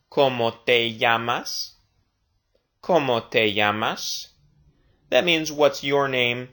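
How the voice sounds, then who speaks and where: A male teacher talks through a recorded language lesson at a slow, unhurried pace. He says each phrase twice so young learners can follow along. His voice sits at a middle pitch. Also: a bit bright. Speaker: Spanish teacher.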